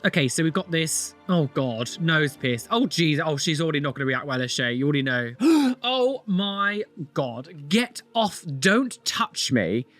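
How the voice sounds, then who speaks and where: A man's voice: a little high, sing-song, measured pace, a bit bright, faint music behind. A British man in his twenties, a piercer reacting to videos with sarcastic, exasperated commentary. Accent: British English. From United Kingdom.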